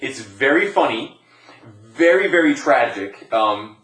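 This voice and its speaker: A man's voice: mid-range voice, animated, measured pace, a bit bright. A man co-hosting a casual podcast, talking enthusiastically and rambling a little. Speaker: podcast co-host. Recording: roomy echo.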